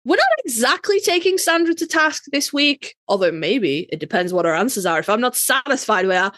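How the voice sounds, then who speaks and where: A chatty woman with a Yorkshire accent, co-hosting a podcast with quick, self-mocking asides. Her voice sits fairly high. It sounds close and dry, with no room around it. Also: very animated, fairly bright tone, no echo. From Yorkshire, England. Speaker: podcast co-host. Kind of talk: casual chat.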